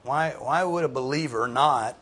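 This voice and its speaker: A man's voice: unhurried, a bit bright, husky. A man preaching and teaching a Bible class, earnest and emphatic, who breaks into casual asides and raises his voice to drive a point home. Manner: earnest, emphatic, rises in pitch and volume for emphasis. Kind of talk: sermon with group discussion.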